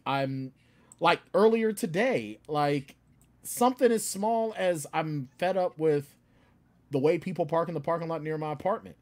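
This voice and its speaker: A man, a guest author, chatting casually and animatedly, often slipping into loud ranting voices. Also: fairly high pitch. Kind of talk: casual chat.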